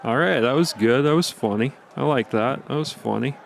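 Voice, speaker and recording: A man's voice: medium pitch, normal speed, a faint crowd. A man hosting a comedy show, hesitant and full of fillers as he introduces the next act. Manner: hesitant, filler-heavy, gravelly. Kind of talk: casual stage banter. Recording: faint outdoor street noise.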